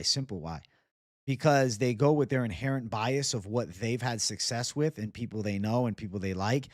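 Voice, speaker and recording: A man's voice: fairly low pitch, dry recording, studio quality. Profane bro-talking male stream host. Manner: loose, profane, bro-talk. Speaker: livestream host. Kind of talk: casual livestream chat reading viewer comments.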